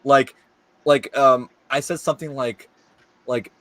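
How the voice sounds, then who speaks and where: A man's voice: medium pitch, steady tone, a little slow, a crowd in the background. A man with a New York accent, telling a story in casual chat, laughing often and full of fillers. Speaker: panelist telling a film-shoot story.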